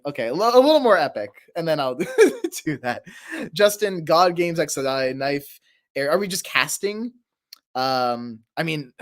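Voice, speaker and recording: A young man chatting casually on a livestream, rambling and laughing at himself, his throat a little sore. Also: on the high side. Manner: rambling, laughing, self-deprecating. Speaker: streamer.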